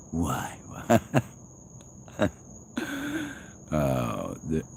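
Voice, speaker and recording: Livestream host, deep gravelly man, unhurried, teasing and joking banter. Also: huge pitch swings, a little mellow, a little hiss or hum, rough recording. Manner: joking, teasing, laughs often. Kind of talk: rambling casual chat.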